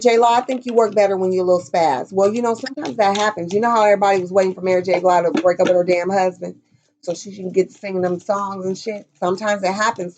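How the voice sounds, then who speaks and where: A woman's voice: mid-range voice, a little mellow, muffled recording, slight background noise. A woman giving a casual, blunt tarot reading, chatty and profane, talking straight to her viewers. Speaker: tarot reader.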